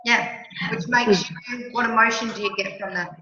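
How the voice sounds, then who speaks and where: A middle-aged Australian woman coaching with emphatic, animated talk, often checking in with her listener. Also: fairly high pitch, moderate pace. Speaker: mentor and coach. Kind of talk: motivational coaching chat. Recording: echoey room, dull lo-fi sound.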